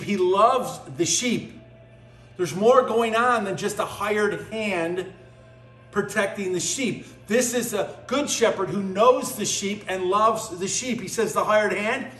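A man's voice: high voice, fairly bright tone. A man preaching a sermon, stressing his points by repeating phrases. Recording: echoey room with faint music.

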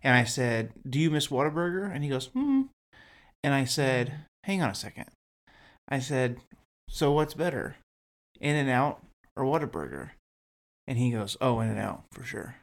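A man's voice: mid-range voice, expressive, normal speed, pauses often. A man from Texas co-hosting a casual podcast chat, telling rambling stories and acting out quotes. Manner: rambling storyteller, acts out quotes. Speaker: podcast co-host.

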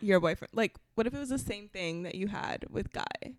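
A young woman co-hosting a podcast, chatting casually and teasing, often trailing off quietly. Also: mid-range voice, expressive, normal speed, no echo, clean studio sound. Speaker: podcast co-host. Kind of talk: casual chat.

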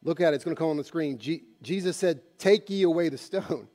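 A man preaching a sermon, telling a story dramatically and moving between hushed passages and loud ones. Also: on the high side, brisk. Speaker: pastor.

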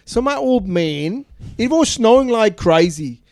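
A man's voice: high voice, sing-song, unhurried, creaky, darkish tone, no room sound, clean studio sound. A man in a casual chat, telling rambling anecdotes and chuckling along.

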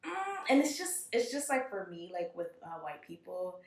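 A woman hosting a casual podcast conversation, talking in an animated way and acting out quoted exchanges. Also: lowish voice, moderate pace, roomy sound. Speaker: podcast host.

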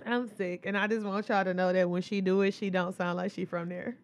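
A woman's voice: mid-range voice, level tone, fairly quick. Teasing, profane woman podcast host. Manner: teasing, profane, laughs often. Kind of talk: casual chat.

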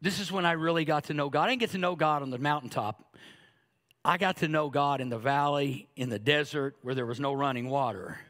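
A man's voice: a little high, fairly quick, fairly bright tone. A man in his fifties preaching a sermon, joking and acting out little asides in a conversational way. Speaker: pastor.

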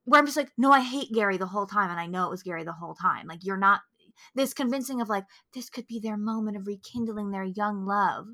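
A woman's voice: mid-range voice, fast, pushed and bright. A young woman co-hosting a podcast, ranting in heated, profane bursts and acting out quoted lines. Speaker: podcast co-host. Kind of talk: casual podcast chat.

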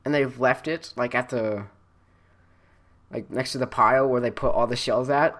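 A man's voice: medium pitch, fairly even intonation, moderate pace, a bit bright. A young man telling stories in a casual chat, rambling and laughing, with many fillers and restarts. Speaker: storyteller.

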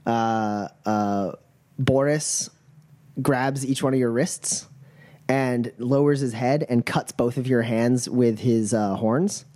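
A man narrating a tabletop role-playing game as game master, pausing often with "uh" and "like". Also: medium pitch, mellow. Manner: hesitant, full of "uh" and "like".

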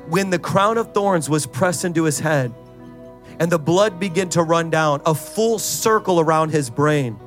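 A middle-aged male pastor preaching a sermon, rising into fervent, sing-song prayer and exhorting the congregation with repeated calls. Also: high-pitched.

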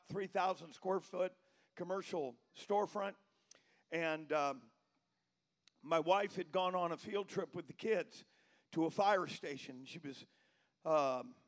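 Man, pastor, sermon, high-pitched, gravelly, storytelling then shouting. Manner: storytelling, building to shouted preaching.

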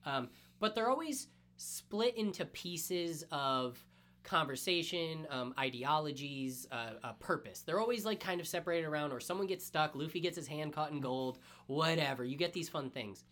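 Excited man recapping a story. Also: a little high, moderate pace. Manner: excited, animated storytelling with casual swearing. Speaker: podcast co-host. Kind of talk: casual anime recap chat.

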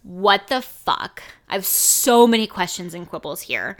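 A woman's voice: on the low side, very animated, measured pace. A woman co-hosting a podcast in casual chat, rambling and swearing freely with lots of "like.". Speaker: podcast co-host.

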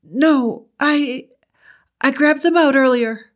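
A man's voice: very high voice, slow pace, a bit bright, pitched above the performer's own voice, heavily acted. A man doing a terrified young woman whose voice sits far up, quivering and pleading. She sounds on the edge of tears, in a horror story reading. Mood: flustered. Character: frightened tearful young woman.

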